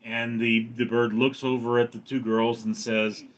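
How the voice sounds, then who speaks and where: A man's voice: medium pitch, flat delivery, measured pace, lo-fi sound. Casual man rambling through jokes. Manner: rambling storyteller, acts out voices in jokes. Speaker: livestream host telling jokes. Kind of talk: casual joke-telling on a livestream.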